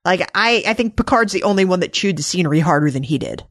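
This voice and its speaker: A woman's voice: on the low side, lively intonation, fast talker, a bit bright, dry recording, studio quality. A woman co-hosting a casual fan discussion podcast, easygoing and wry. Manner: easygoing, wry, full of comparisons. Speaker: podcast co-host.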